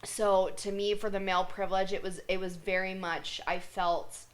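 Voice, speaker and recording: A woman's voice: medium pitch, normal speed, low-quality recording. A woman hosting a podcast who speaks steadily and affirms her guest often. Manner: supportive, steady, frequent affirmations. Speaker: podcast host. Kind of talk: conversational interview.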